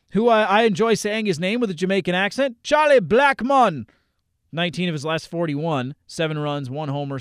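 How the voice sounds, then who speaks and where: A man's voice: high voice, no echo. A man hosting a fantasy baseball show, reeling off player stats with dry little asides. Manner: rattles off numbers, dry asides. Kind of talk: stats rundown on a podcast.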